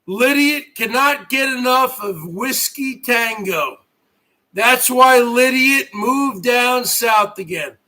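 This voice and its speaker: Middle-aged man, very high voice, slow drawn-out delivery, mocking rant, frequent shouting. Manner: loud, mocking, often shouting. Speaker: livestream host. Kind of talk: ranting live-stream monologue.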